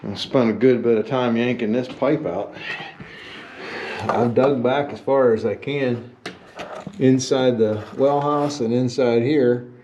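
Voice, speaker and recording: A man with an ordinary middle-pitched voice talks viewers through a stubborn outdoor repair job. His tone is folksy and wry, poking fun at his own struggles as he works. Distinct clicking noises run through the recording. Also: noisy background. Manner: folksy, wry and self-deprecating, talks to viewers mid-task. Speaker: DIY home restoration vlogger. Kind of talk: casual narration while working. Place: outdoors at a house and well house, digging.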